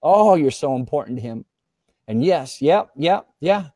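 A fervent man delivers prophetic words to viewers, his voice sitting somewhat high for a man. He repeats each phrase again and again and slips into speaking as God. The sound is close and dry, with no room echo. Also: expressive, a little slow, mellow. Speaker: guest pastor.

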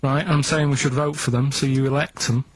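A man on a radio show, explaining things slowly in casual banter and tagging sentences with "right?". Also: medium pitch, flat delivery. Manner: plodding explainer, ends phrases with "right?".

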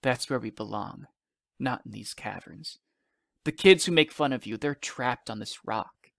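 A man's voice: medium pitch, lively intonation, normal speed, fairly bright tone, dry recording, studio quality, lightly acted. A man voicing an earnest pilot father. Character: brave father, veteran male fighter pilot.

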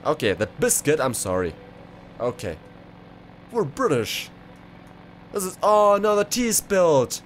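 A man giving excitable let's play commentary, exclaiming and rambling as he goes. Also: a little high, measured pace, pauses often. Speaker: gaming video creator. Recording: clear background game noise.

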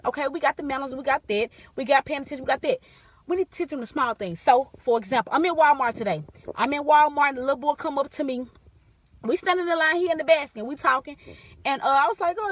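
Sassy, high-voiced woman. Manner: sassy, animated, talks straight to the viewer. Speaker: comedic vine creator. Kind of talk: comedic storytelling monologue.

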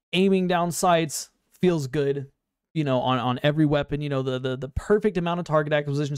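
Gaming creator, male, voice sitting a bit high, talks off the cuff and restarts often. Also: darkish tone, no room sound, clean studio sound. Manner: rambling, many fillers and restarts. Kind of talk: casual unscripted commentary.

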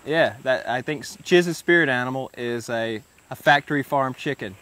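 A man's voice: mid-range voice, moderate pace, fairly bright tone, slight background noise. A man hosting a podcast, telling stories in loose, joking casual chat with lots of fillers. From United States. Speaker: podcast host.

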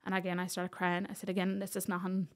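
A woman's voice: on the low side, monotone, fast talker. A woman, a podcast guest earnestly recounting a personal story and acting out what others said.

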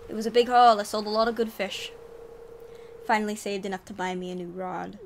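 A woman voicing a hearty old male fisherman in a booming, forced-low voice with a rough seafaring twang. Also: flat delivery, quick pace, a little hiss or hum, natural voice.

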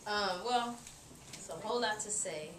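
A woman's voice: medium pitch, normal speed, a bit bright. A young woman giving a rambling, emotional tribute to her grandmother at a family gathering. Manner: rambling, tearful and effusive. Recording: roomy, distant home camcorder with noise.

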